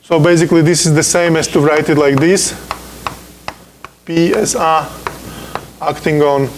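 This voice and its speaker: A man's voice: a little high, a little hiss or hum. A man who is not a native English speaker, lecturing on physics in an informal, joking way and often checking in with "okay?". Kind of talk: university lecture. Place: lecture room.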